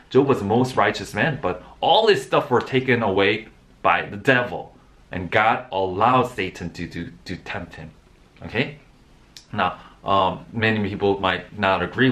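A man's voice: lowish voice, fairly bright tone. A man giving an informal sermon, often restarting his words and rising into emphatic bursts. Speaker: preacher.

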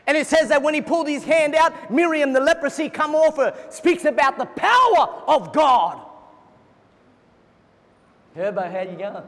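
A man preaching a fervent sermon as pastor at a church service, at times breaking into shouts. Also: extremely high pitch, in a large hall.

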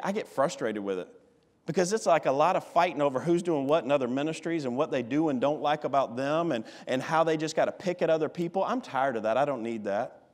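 A man preaching a revival sermon as a guest missionary, telling stories with passion and speaking in character as a biblical figure. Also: mid-range voice. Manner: impassioned storytelling, voices Boaz addressing Ruth. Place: church sanctuary. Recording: long church hall reverb.

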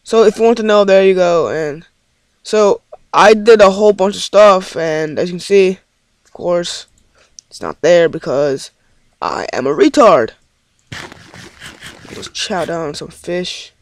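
A man's voice: sits high, measured pace, long pauses, dry recording. A man giving rambling let's play commentary on his game, easily frustrated and swearing often. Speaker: gaming commentator.

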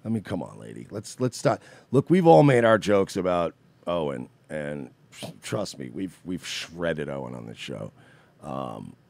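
A man's voice: low-pitched, darkish tone, no echo. A man co-hosting a show, giving sarcastic, mocking commentary on video clips. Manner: sarcastic, mocking, does mock voices. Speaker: co-host.

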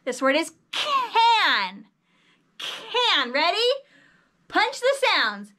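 A woman's voice: very high voice, big pitch swings, very slow, bright, forceful tone. A woman teaching children a phonics lesson in an exaggerated, sing-song teacher voice. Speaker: early reading teacher.

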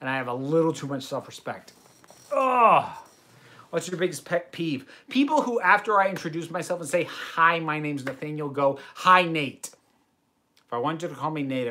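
A young man from the United States, speaking with a medium-pitched and fairly bright voice, hosts a livestream Q&A in his bedroom. He reads chat questions aloud, then answers each in long tangents.

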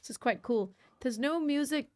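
A woman's voice: sits high, moderate pace. Chatty woman streaming a survival game. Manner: chatty, talks to viewers, jumpy loud reactions. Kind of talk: live co-op gameplay chat.

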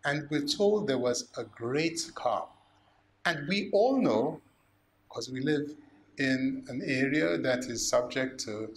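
A man, a priest preaching a sermon, slow and emphatic, asking rhetorical questions. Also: a little high, a little hiss or hum.

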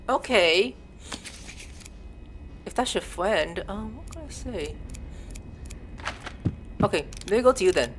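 Animated man narrating a game. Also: sits high, slow, long pauses, slight background noise. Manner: reads game text aloud and spells words letter by letter; exclaims in surprise and swears. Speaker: gameplay streamer. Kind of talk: casual let's-play commentary. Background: game music.

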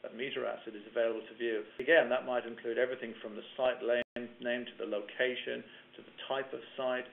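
A man's voice: medium pitch, level tone, brisk, gravelly, few pauses, slight background noise. A man giving a business webinar presentation, talking through slides with fillers and restarts. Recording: tinny phone-line webinar audio.

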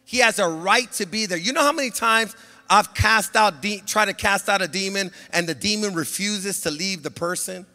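A man preaching a sermon in a high, bright voice, moving between loud exhortation and quiet confiding talk. His voice rings out with the long reverb of a large hall. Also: moderate pace. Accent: Southern Californian. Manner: swings from shouting to a soft, low confiding tone. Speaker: pastor.

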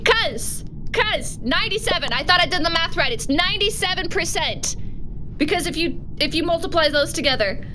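A woman streaming a game live, chatting with viewers in an animated, jokey way with sudden yelps. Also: very high-pitched, moderate pace. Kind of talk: live gaming stream chat. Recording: noisy background.

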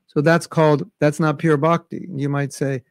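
A man's voice: a little high, little pitch movement, moderate pace, no echo. A man giving a spiritual class, talking conversationally and reciting verses in Bengali and Sanskrit. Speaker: spiritual teacher. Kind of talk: scripture class lecture. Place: recorded at home during travel restrictions.

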